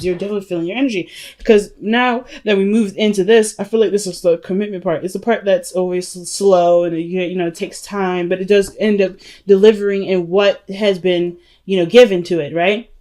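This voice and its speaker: A woman's voice: mid-range voice, fairly quick, darkish tone. A woman giving a casual tarot reading to her viewers, chatty and emphatic, calling them family and y'all. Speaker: tarot reader.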